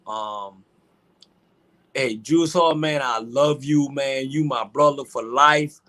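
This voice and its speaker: An older man hosting a show, crying as he gives a halting, emotional tribute and often repeats his words. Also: mid-range voice, a bit bright. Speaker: show host.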